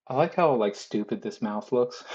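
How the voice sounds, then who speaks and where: With a medium-pitched, slightly mellow voice whose highs are cut off, a man streams himself drawing and rambles casually. He's loose and profane, swearing and chuckling as he tells stories and jokes.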